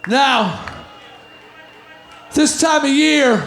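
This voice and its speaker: A man's voice: very high voice, lively intonation, very slow, vocal fry, a bit bright, slight background noise. A man from the New York area telling a brash, joking story on a live stage between songs. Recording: roomy live venue with faint music.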